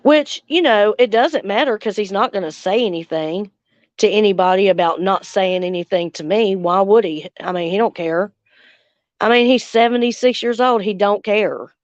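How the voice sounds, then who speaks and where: A woman talks to her livestream viewers, blunt and furious and swearing freely. Her voice is smooth and clear, with a dry, close sound. The recording is slightly dull and lo-fi. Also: mid-range voice, dry recording. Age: 40s. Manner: angry, blunt, heavy swearing, reads out viewer comments. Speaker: livestream host. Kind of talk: casual livestream chat with viewers.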